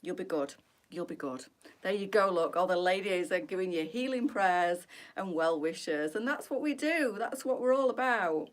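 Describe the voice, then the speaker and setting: A woman's voice: lowish voice, expressive, normal speed. A woman hosting a boutique clothing live stream, chatting and greeting viewers by name in an affectionate, gushing way.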